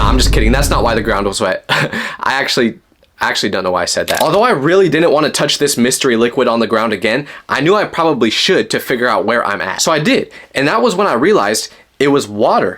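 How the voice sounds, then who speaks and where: A young man narrating a personal story in a casual, jokey storytime style. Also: medium pitch. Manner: animated, jokey, with sudden loud outbursts in quoted lines.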